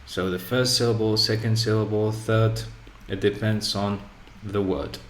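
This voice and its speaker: Slow, deliberate male English teacher. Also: lowish voice, steady tone, a little hiss or hum. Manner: slow, repeats example words several times for emphasis. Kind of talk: grammar lesson. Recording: echoey room.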